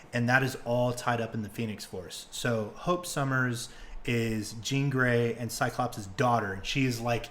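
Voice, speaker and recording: A young man hosting a podcast, retelling stories in casual, excitable chat full of fillers and swearing. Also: mid-range voice, slight background noise. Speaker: podcast host.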